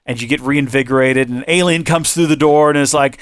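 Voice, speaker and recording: A man's voice: medium pitch, fairly even intonation, brisk, hardly any pauses, clean tone, no room sound. A man hosting a gaming channel, rambling and joking with viewers in a chatty commentary while his voice starts to give out. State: losing his voice. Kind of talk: chatty let's-play commentary.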